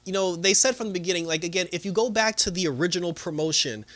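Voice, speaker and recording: Man reviewer, casual and excitable, bright forceful voice, rambling retelling full of fillers. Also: high-pitched, fast. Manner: animated retelling with frequent laughter; loose, full of "you know" and "like". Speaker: movie reviewer. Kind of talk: casual spoiler review chat.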